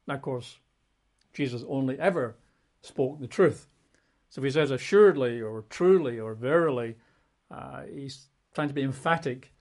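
A man's voice: medium pitch, normal speed, a little mellow. A man preaching a Bible-teaching sermon in a conversational way, leaning hard on key words. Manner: conversational, emphatic on key words, plays out quotes.

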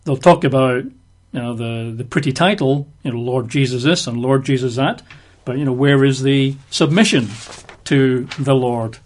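A man's voice: medium pitch, normal speed, few pauses. A man giving conversational Bible teaching, explaining verses with everyday examples.

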